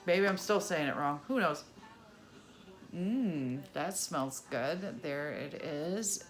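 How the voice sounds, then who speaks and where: A woman's voice: sits low, vocal fry. A middle-aged woman chatting casually as she unboxes a subscription box, exclaiming over each item. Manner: chatty, exclaims over items, laughs at own mispronunciation. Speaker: unboxing vlogger.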